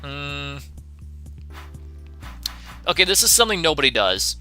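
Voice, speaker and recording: Bright, sarcastic young streamer man. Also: a little high, big pitch swings, unhurried, soft background music. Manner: sarcastic, profane, often laughing. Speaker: game streamer. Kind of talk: live-stream commentary answering chat.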